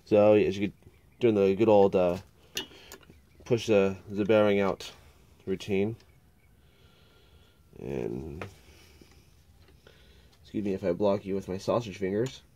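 A man with a lowish voice and a slight nasal stuffiness from a cold talks casually through a chainsaw repair. He rambles, mutters to himself mid-task and speaks as if friends were watching over his shoulder at the bench. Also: slow, long pauses, dark tone, lo-fi sound, a little hiss or hum. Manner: chatty, rambling, muttering while working. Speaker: small engine repair vlogger. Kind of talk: casual workshop narration.

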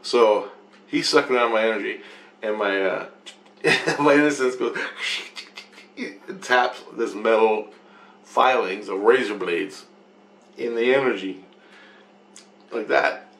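A man's voice: lowish voice, slow pace, creaky, pauses often, a bit bright. A man telling a rambling spiritual story, swearing and chuckling often as he goes. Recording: echoey room with faint noise.

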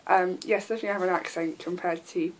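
A woman's voice: lowish voice, fairly even intonation, quick pace. A young English woman in her twenties, chatting casually to camera with frequent ums and little laughs. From England. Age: 20s. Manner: chatty, giggly, lots of ums. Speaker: vlogger.

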